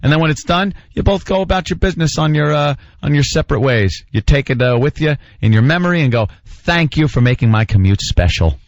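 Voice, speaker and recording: A man hosting a radio talk show, joking with guests and running quick promo patter. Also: fairly high pitch, no room sound, muffled recording. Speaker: radio host. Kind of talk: casual radio chat.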